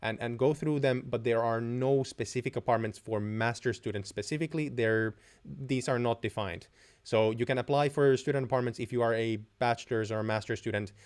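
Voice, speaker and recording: A man's voice: medium pitch, fairly quick, a little mellow, clear, resonant tone. Chatty young man hosting a live Q&A. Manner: chatty, many restarts and fillers. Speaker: host answering viewer questions. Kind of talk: live stream Q&A.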